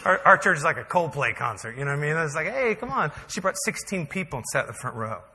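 A man's voice: fairly high pitch, expressive, fast talker, pushed and bright, slight background noise. A man preaching a sermon as pastor, telling a story in a conversational, humorous way that builds to emphatic peaks. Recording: hall reverb.

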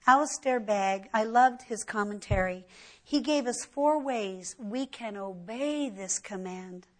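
A woman's voice: mid-range voice, slow. A middle-aged woman preaching a sermon as a Bible teacher, earnest and emphatic, pushing her voice up sharply to stress a point.

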